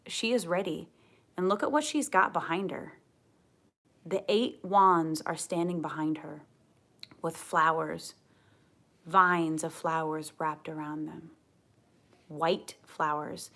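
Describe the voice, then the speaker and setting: A woman giving a tarot card reading to camera, gentle and earnest, often repeating her key phrases. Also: sits low, steady tone, slow pace, long pauses. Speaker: tarot reader.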